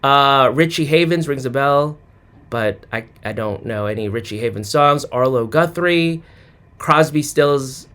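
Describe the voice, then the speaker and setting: A man in a casual comedic monologue, reading off names with deadpan, mock-clueless sarcastic asides and humming snatches of songs. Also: mid-range voice. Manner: hums and sings snatches of songs. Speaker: sports commentary vlogger.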